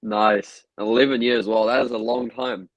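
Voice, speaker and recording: A man's voice: mid-range voice, level tone, normal speed, no echo, lo-fi sound. Young man hosting a dry-sounding podcast. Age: young adult. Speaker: podcast host. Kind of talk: podcast interview.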